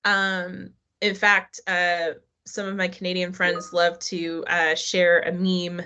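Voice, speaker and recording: A woman's voice: fairly low pitch, little pitch movement, slow pace, bright, forceful tone, a little hiss or hum. A middle-aged woman teaching a live online history class, talking casually and asking her students questions. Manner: conversational, asks the class questions.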